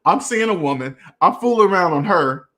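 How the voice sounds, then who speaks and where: Chatty man telling stories, higher voice. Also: animated, a little fast, bright, forceful tone. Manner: rambling, repeats "right?" often; chuckles while telling stories. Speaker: host. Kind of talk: casual live Q&A storytelling.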